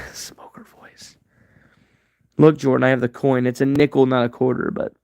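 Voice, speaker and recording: A man's voice: mid-range voice, little pitch movement, unhurried, gravelly, a little mellow, clear, resonant tone. A young man hosting a casual livestream Q&A, rambling and answering chat messages as he goes. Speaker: livestream host.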